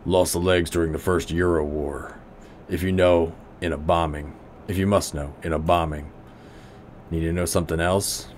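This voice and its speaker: A man voicing a blunt, weary old male troll veteran in game dialogue, close to his own low voice. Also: fairly even intonation, normal speed, a little mellow, a little hiss or hum, lightly acted.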